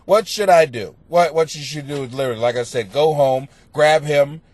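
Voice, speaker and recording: A man hosting a comedy podcast, reading out listener questions and answering them in a crude, profane, mocking rant that swings into yelling. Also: on the high side, moderate pace, dry recording. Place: home basement.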